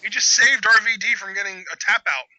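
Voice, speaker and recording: A man's voice: high voice, a little fast, sharp tone, dry recording, dull audio. A young man hosting a live reaction chat, exclaiming, groaning and arguing with his co-host. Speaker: channel host.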